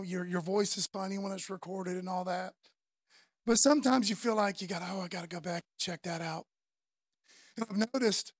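A man, preaching a sermon in a loose, conversational way, often tagging lines with "man" and dropping from loud to soft. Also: high-pitched, no room sound, clean studio sound. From Florida, US. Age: 50s. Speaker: pastor.

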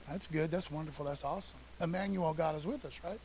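High-voiced man preaching a casual sermon. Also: fairly quick, few pauses, husky, rough recording. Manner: conversational preaching, swinging between loud and hushed; casual slang and asides. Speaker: pastor. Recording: faint hiss.

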